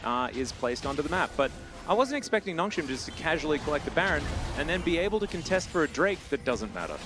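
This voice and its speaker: A man casting a live esports match on his own, chatting with viewers and jumping up loud and high on big plays. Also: big pitch swings, fast talker, over music. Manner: chatty, talks straight to chat viewers. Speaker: esports caster. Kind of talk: live play-by-play commentary.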